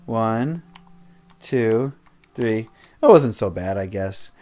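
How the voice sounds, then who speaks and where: A man's voice: fairly low pitch, animated, takes it slowly, mellow. A man livestreaming a building game, chatting casually with viewers in a rambling, self-interrupting way. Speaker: streamer.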